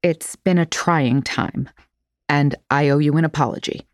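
A woman's voice: deep voice, unhurried, no room sound, clean studio sound. A woman voicing a formal older male manager who speaks carefully and apologetically. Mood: apologetic.

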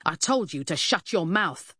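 A man's voice: mid-range voice, animated, a little slow, husky, no echo, studio quality. A reader voicing a cruel, mocking male captor who snarls his threats in an audiobook. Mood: snapping.

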